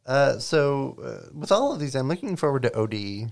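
A man's voice: mid-range voice, big pitch swings, moderate pace, vocal fry, a little mellow. A man on a games podcast panel in casual chat, hesitant and easygoing.

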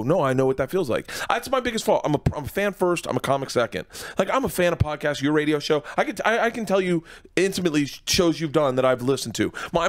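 A comedian in his forties rambles excitedly through stories during a casual radio studio interview, often restarting what he says. He has a fairly high-pitched voice.

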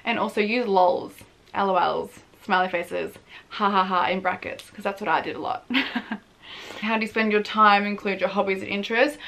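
A young woman in her twenties talks straight to camera in a loose, chatty vlog. Her voice is bright and forward, and she swears easily, laughs a lot and pokes fun at herself. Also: mid-range voice, fairly even intonation, normal speed. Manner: chatty, swears freely, laughs often, self-mocking. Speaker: vlogger, former reality show contestant. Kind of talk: casual advice vlog.

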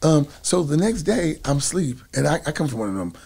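A man's voice: on the high side, very animated, brisk, vocal fry, a little mellow, slightly rough. A middle-aged man telling stories from his past in a casual interview, laughing often and breaking into snatches of song. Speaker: guest telling his story.

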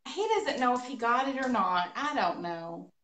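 A woman co-hosting a live show, telling a funny story about her day in an animated, laughing way. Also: on the high side, normal speed. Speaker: co-host of a painting livestream. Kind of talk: casual storytelling chat. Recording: echoey room, voice a bit far from mic.

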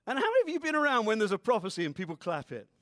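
Guy preaching, high voice that jumps all over, dry close mic, jokey asides. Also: wildly swooping pitch, racing, a bit bright, no echo. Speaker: pastor. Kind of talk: sermon.

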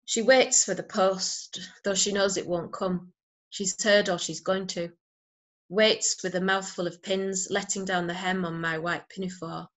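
A woman giving a measured, even poetry reading over a video call, with hesitant fillers between poems. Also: medium pitch. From Yorkshire, England. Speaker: poet.

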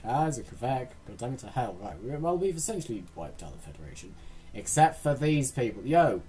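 A man's voice: mid-range voice, very animated, a little fast, mellow, faint music behind. A man giving casual, rambling gameplay commentary, muttering asides to himself as he plays. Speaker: let's play gamer.

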